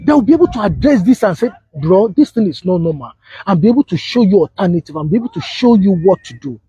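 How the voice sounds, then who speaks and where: A man preaching a sermon on marriage, telling stories with quoted dialogue and sudden high exclamations. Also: expressive, racing, dark tone, husky, no room sound, lo-fi sound. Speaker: pastor.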